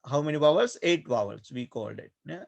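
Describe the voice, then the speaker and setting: A male Buddhist monk teaching a class on Pali grammar, speaking slowly, repeating key words and pausing often with fillers. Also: on the high side, expressive, vocal fry. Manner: slow, repetitive, hesitant with many fillers. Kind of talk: online class lecture.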